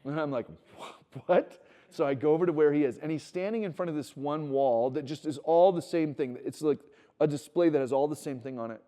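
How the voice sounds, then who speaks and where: A man's voice: on the high side, a little fast. A middle-aged man giving a conversational sermon to students, telling stories and acting out quoted dialogue. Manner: conversational, acts out quoted dialogue, builds to animated emphasis. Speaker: speaker at a Christian wilderness school. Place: teaching room with students.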